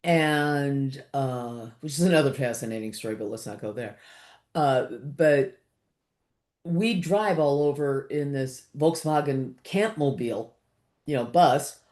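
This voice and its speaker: A woman in her sixties from Los Angeles, an author chatting as an interview guest, animated and laughing often with many fillers. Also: extremely low pitch, measured pace. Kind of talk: casual interview chat.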